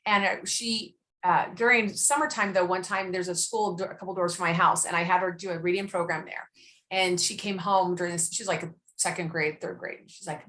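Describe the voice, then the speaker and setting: Middle-aged woman, conversational guest, lively storyteller who plays out the dialogue. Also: on the low side, a little fast. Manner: animated storyteller who acts out quotes. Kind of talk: casual chat.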